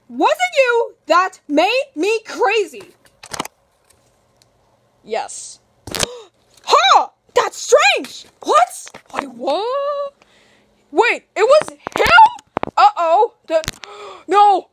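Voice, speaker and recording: Excitable woman doing toy play narration, very high voice, jumps all over the place. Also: noisy background. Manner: excitable, shrieks and gasps. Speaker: channel host.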